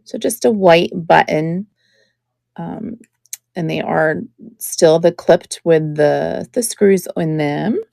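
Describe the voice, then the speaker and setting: A middle-aged woman hosts a live jewelry sale, chatty and admiring as she shows each piece. Her voice sits low, with a gravelly fry at phrase ends, and she takes her time. The sound is close and dry. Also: takes it slowly, mellow, dry recording. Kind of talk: live-stream sales chat.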